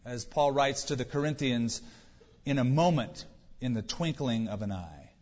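This pastor delivers his sermon casually, tossing out rhetorical questions and deadpan humor. He speaks at a normal speed in a husky, mid-range voice with a darkish tone. A big hall's long reverb fills the muffled, lo-fi audio.

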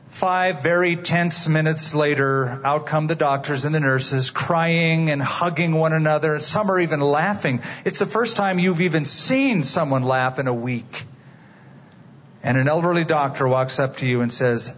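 A man's voice: a little high, a little slow, fairly bright tone. A man preaching a sermon as a dramatic story, asking his listeners direct questions. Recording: dull, reverberant hall.

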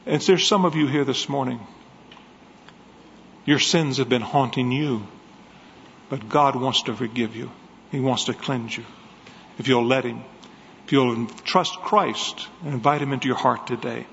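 A man's voice: medium pitch, unhurried, gravelly, pauses often, fairly bright tone, slight background noise. A man preaching a sermon, telling a story with great passion. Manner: impassioned storytelling. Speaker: evangelist preacher. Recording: dull echoey sound in a large hall.

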